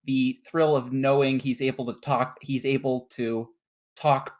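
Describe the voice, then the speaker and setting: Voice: medium pitch, flat delivery, a little slow, a little mellow. A tabletop game player talks casually about their character in a mid-range voice. They hesitate often, circling back and restarting phrases. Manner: hesitant, many fillers and restarts.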